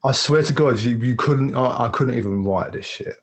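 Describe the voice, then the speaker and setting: A man's voice: medium pitch, moderate pace. A man candidly telling a personal story as a podcast guest, rambling and acting out the voices of the people he quotes.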